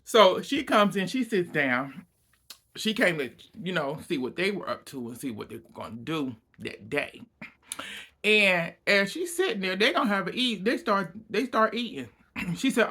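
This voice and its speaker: A man giving a casual recap of a reality TV episode, acting out what people said with lots of laughter and sudden loud outbursts. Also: high voice, measured pace. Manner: animated storytelling, acting out quotes, frequent laughter and outbursts.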